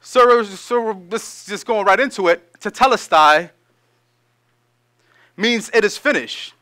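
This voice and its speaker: A male pastor delivering a sermon in a high, bright voice. He reads scripture at a measured pace, then breaks into casual, energetic explanation.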